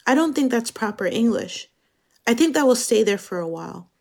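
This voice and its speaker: Slow, measured woman narrating. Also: a little high, lively intonation, darkish tone. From Germany. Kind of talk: scripted dramatic monologue.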